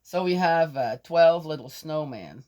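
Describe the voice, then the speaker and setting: A woman's voice: low voice, animated, a little slow, mellow. An older woman talks casually to her viewers in a rambling, chatty way. She drifts from one thought to the next and breaks into laughter often. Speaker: vlogger. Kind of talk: casual chat to camera.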